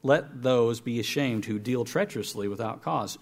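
A man preaching a sermon, reading scripture aloud with emphasis and dropping to quiet, low asides to explain it. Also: normal speed.

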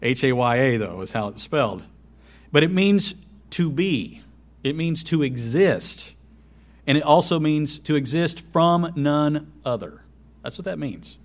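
A man preaching a sermon, who swings between loud emphasis and soft asides and repeats key phrases. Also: fairly high pitch, animated, a little slow.

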